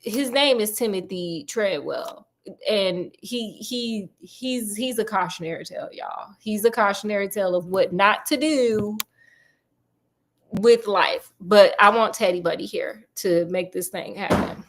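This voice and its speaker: A woman's voice: medium pitch, measured pace, a bit bright. A woman host telling a true story in a casual, sassy, chatty way, full of slang asides.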